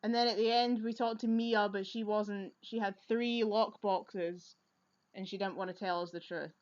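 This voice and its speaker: A woman hosting a let's play, with loud, sweary, laughing commentary on a video game. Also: medium pitch, steady tone, normal speed, highs cut off. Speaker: gaming channel host.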